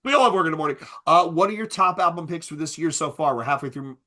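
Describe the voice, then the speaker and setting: A man hosting a relaxed podcast conversation, his voice bright and forward and sitting a little high. He talks loosely, throws in quick asides and laughs, and swears freely. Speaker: podcast host. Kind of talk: casual chat.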